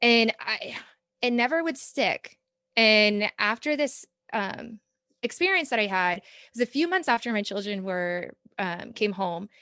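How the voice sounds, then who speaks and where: A woman's voice: medium pitch, expressive, measured pace, sharp tone, no echo. Earnest woman, dry close sound. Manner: earnest, reflective, laughs often. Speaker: podcast guest, parent mentor. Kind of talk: conversational interview.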